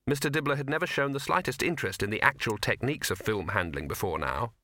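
Man narrating a novel, wry measured telling, crisp bright voice, no room sound. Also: medium pitch, expressive, no echo, studio quality. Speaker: audiobook narrator. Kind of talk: scripted narration.

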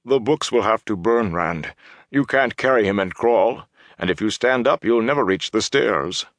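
A man's voice: on the low side, lively intonation, moderate pace, fairly bright tone, dry recording. Een man die een leergierige Ogier speelt. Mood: earnest. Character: huge gentle male Ogier scholar, bookish.

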